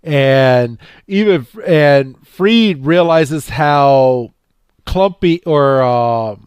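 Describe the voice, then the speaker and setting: A podcast co-host casually recaps a cartoon episode, acting out the characters' lines in a jumpier, higher voice. He draws out words and fills his talk with fillers and repeats, and the sound is smooth with no room sound.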